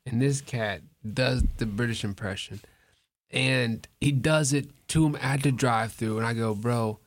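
Laughing, animated male storyteller. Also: mid-range voice, normal speed. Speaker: podcast co-host. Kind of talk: casual chat.

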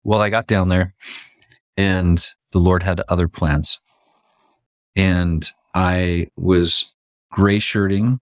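A man from Canada, a podcast guest, telling a personal story in a lively way and acting out the lines he quotes. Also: no room sound, studio quality. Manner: animated, acts out quoted lines with pitch jumps.

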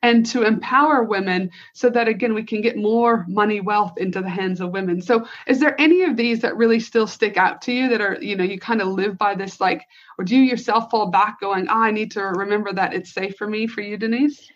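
A woman's voice: medium pitch, brisk, few pauses, dull audio. A woman hosting a podcast interview, asking questions encouragingly and reading quotes aloud for listeners. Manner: encouraging, reads quotes aloud, frequent affirming murmurs. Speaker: podcast host.

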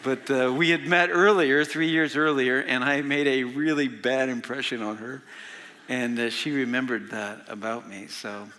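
A senior pastor in his sixties preaches a sermon in a large church hall, his medium-pitched voice steady yet pushed and bright, at normal speed. He tells folksy stories with frequent filler sounds, and the recording carries the hall's long reverb.

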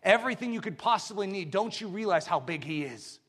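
A man preaching a sermon, swinging from loud emphatic declarations to hushed, intense lines and asking the congregation rhetorical questions. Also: high-pitched, expressive, brisk.

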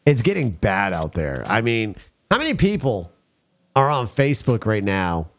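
His voice is fairly low, swooping wildly in pitch at a moderate pace. As a podcast host, he rants bluntly and crudely through casual talk-show banter, repeatedly calling his audience folks.

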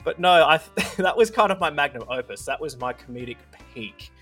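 Young aussie bloke chatting on a podcast, bright tense voice, keeps laughing, bit of music under it. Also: male voice, a little high, animated, a little fast. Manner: laughs often, chatty and self-mocking. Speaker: podcast co-host. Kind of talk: casual chat.

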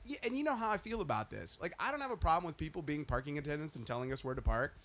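A man hosting a podcast tells a story in casual conversation, animatedly acting out the people involved and their quotes. His voice is a little high and very fast.

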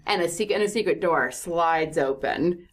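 A woman's voice: fairly low pitch, normal speed. A woman running a tabletop game as game master, laughing often and tripping over her words as she explains.

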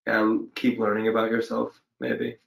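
Thoughtful low-voiced man talking slowly. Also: completely flat delivery, vocal fry, poor audio. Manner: reflective, hesitant, many fillers and restarts. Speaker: actor guest. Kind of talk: casual interview conversation.

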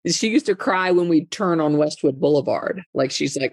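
A middle-aged woman talks in an earnest, emphatic way, circling back and repeating words when moved. Her voice carries a gravelly, fry-tinged edge. The sound is close and dry. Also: sits low, lively intonation, moderate pace, a little mellow, dry recording. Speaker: guest, mother and advocate. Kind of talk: conversational interview.

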